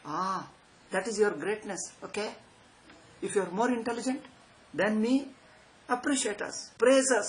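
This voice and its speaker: A man lectures students on spiritual matters in a fairly high voice. He talks with sarcastic emphasis and keeps circling back to repeat his points. A faint noise sits under the recording. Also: unhurried, long pauses, low-quality recording. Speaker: Vedanta teacher.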